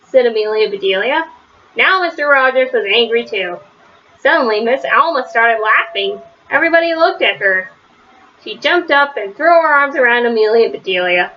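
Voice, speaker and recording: A woman reads a children's picture book aloud at a moderate pace, her lively delivery rising high on the characters' shouts. The recording is muffled.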